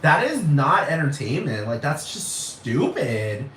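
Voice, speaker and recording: A man's voice: fairly high pitch, big pitch swings, takes it slowly, a bit bright, slight background noise. A man giving a blunt, heated, profane rant as a vlogger, repeating his points. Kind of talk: profane ranting monologue. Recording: echoey room.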